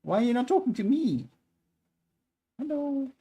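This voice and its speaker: A man voicing his female house cat as a needy, attention-seeking pet in a high sing-song voice. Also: very animated, normal speed, mellow, slightly rough, full character voice.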